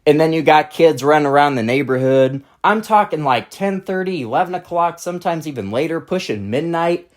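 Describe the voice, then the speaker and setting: A man's voice: fairly high pitch, lively intonation, fairly quick, few pauses. A man hosting his channel, delivering an exasperated, blunt monologue to camera in casual slang. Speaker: channel host.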